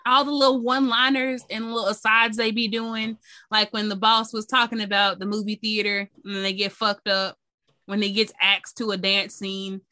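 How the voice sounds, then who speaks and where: A woman co-hosting a casual movie podcast, animated and swearing freely as she retells plots. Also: mid-range voice, moderate pace, no echo. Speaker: podcast co-host. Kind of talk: casual chat.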